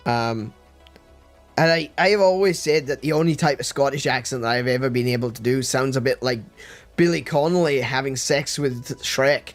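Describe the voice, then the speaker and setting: A man hosting a casual livestream chat, animated and quick to laugh, with frequent restarts. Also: mid-range voice, faint music behind. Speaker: streamer host.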